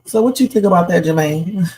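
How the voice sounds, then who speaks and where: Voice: medium pitch, lively intonation, fairly quick, darkish tone, breathy edge, low-quality recording. A livestream host chatting casually about news stories and reading out viewer comments. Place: home streaming setup.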